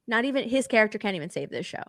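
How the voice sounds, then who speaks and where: A woman with a fairly high voice co-hosts a casual pop culture podcast. She rants in an animated way and swears freely. Her voice sounds dry and close to the mic. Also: racing, no room sound. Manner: animated, swears freely, laughs while ranting. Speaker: podcast co-host.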